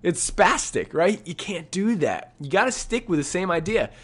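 His voice sits high and sounds very animated, with a breathy edge and a normal speaking speed. The man is a music teacher casually dissecting his recorded piano solo, scatting the rhythms and frequently asking "right?" over faint piano music.

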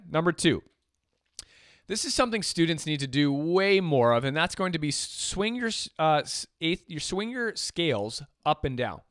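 A man's voice: a little high, a bit bright, no echo, studio quality. A man teaching jazz swing feel, explaining patiently and counting beats aloud. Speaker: music teacher. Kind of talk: instrument lesson.

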